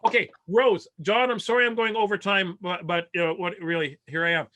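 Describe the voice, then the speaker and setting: Bright-voiced man rambling through a comic story. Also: high voice, fairly even intonation, fairly quick, dry recording. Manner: rambling, stammering restarts, laughs at own jokes. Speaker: comedian. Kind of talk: storytelling stand-up over video call. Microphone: video call.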